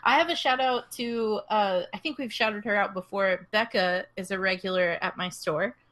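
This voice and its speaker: Young woman co-host, bright voice, playful emphatic banter. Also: medium pitch, normal speed. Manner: animated, joking, emphatic. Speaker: podcast co-host. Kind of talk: casual chat.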